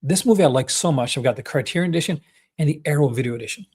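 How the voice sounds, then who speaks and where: A man's voice: fairly high pitch, animated, rapid-fire, darkish tone, slightly rough. A young Canadian man with a Canadian accent, hosting a casual livestream and chatting about his collection with lots of fillers and restarts. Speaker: livestream host.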